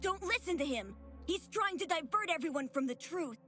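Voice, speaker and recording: Casting: very high, bright, frantic girl, shrill and accusing, music under. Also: expressive, moderate pace. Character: defensive, panicky young girl suspect.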